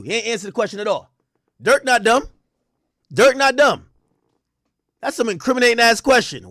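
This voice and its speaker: A man with a high-pitched voice talks through court testimony in loose, slang-heavy commentary. He is animated and hammers each point by saying it twice. The sound is dry and close. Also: a little fast, long pauses, dry recording.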